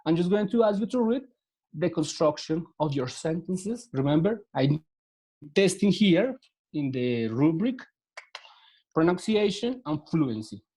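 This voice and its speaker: A man's voice: a little high, animated, a little slow, mellow, breathy edge. A man who speaks English with a Spanish accent, teaching an online class over a video call. He talks patiently, repeats words and gives step-by-step instructions. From Latin America.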